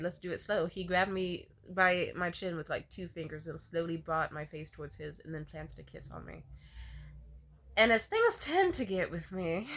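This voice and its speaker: A young woman vlogging at home in a candid confessional way, swearing a lot and laughing often, swinging from loud outbursts to quiet mumbles, a little tearful. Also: mid-range voice.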